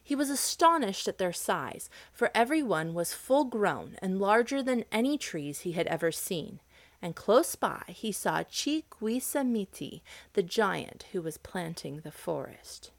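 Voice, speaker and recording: A woman narrating a folk tale in an expressive storybook style. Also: medium pitch, unhurried, creaky, dry recording. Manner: expressive, dramatic reading.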